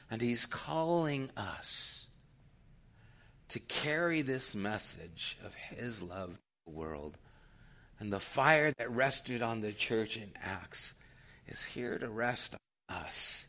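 A middle-aged man preaching a sermon in a bright, forceful voice. He swings between loud, passionate urging and hushed, almost whispered lines. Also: fairly low pitch, animated, slow, slight background noise. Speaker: pastor.

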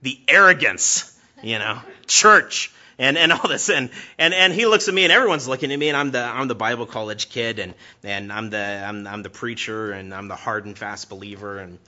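Forceful low-voiced man preaching. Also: fairly even intonation, a little fast, few pauses, muffled recording. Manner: stammers and repeats words, builds to impassioned shouting. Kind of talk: sermon.

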